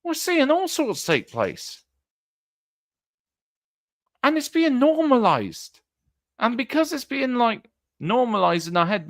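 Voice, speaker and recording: Slow, earnest man streaming. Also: sits high, a bit bright, no room sound, studio quality. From Britain. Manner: earnest and emotional, halting with restarts. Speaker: political streamer. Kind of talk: livestream commentary monologue.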